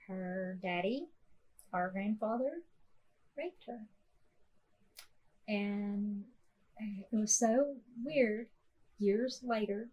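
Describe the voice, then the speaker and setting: A woman, hosting a podcast and telling a personal story softly, with many fillers and restarts. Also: medium pitch, low-quality recording. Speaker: podcast host.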